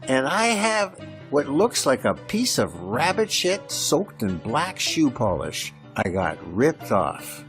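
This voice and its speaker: A man's voice: fairly high pitch, takes it slowly, faint music behind. An older man from Canada telling a long story about his past as a podcast host, rambling and poking fun at himself, speeding up as the story gets tense. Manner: rambling, self-mocking, speeds up when excited. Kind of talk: storytelling monologue.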